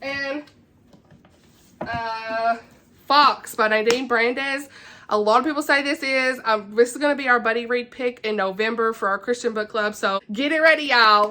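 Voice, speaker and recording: A woman's voice: on the high side, pushed and bright. A young woman, chatting casually to camera about books and giggling often. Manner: chatty and giggly, greets viewers by name. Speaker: book vlogger.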